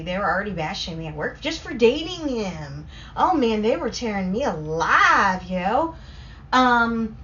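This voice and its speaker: A woman with a Southern US accent, hosting a casual story time on a livestream, rambling excitedly between reading chat comments. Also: medium pitch. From Southern United States. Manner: rambling and excitable, talks in quick bursts. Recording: slightly dull lo-fi stream audio with faint noise.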